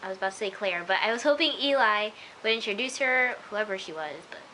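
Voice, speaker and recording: A woman's voice: mid-range voice, lively intonation, quick pace, bright, forceful tone, slight background noise, poor audio. A woman chatting casually to camera at home, rambling with lots of "like" and "oh my gosh" as she reviews an episode. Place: at home, in pajamas.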